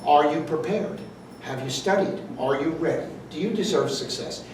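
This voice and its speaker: A man's voice: on the high side, moderate pace. Man, motivational speaker, jokey, quizzes the crowd, roomy echo, faint background noise. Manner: jokey, conversational, quizzes the audience. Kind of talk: motivational speech to a live audience. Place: event hall with audience. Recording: echoey room, distant mic.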